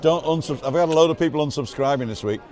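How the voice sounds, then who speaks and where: A man hosting a livestream, briskly reading out viewer names and comments in casual banter. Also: fairly high pitch, a little mellow. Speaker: livestream host reading chat. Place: outdoors at a busy bar. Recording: outdoor livestream with crowd noise. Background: crowd chatter.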